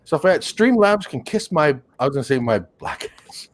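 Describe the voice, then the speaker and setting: A man's voice: on the high side, big pitch swings, brisk. Man chuckling through an anecdote. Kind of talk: casual livestream chat.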